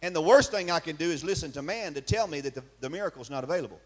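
A man's voice: on the high side, animated, racing. A man preaching a sermon in a church, emphatic and firing rhetorical questions at his congregation. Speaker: pastor.

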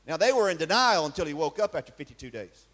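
A man's voice: on the high side, big pitch swings, fast talker, a bit bright. A man preaching a sermon in a church, emphatic and firing rhetorical questions at his congregation. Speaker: pastor.

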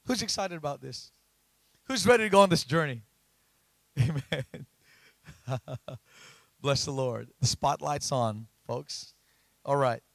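A man preaching a sermon, often asking the congregation questions and rising to loud emphatic lines. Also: fairly high pitch, slow, creaky, long pauses, no echo. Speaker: pastor.

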